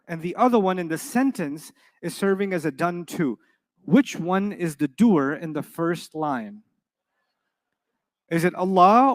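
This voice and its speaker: Lively higher-voiced man teaching a class. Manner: lively, asks the class questions often. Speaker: Arabic teacher. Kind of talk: classroom grammar lesson.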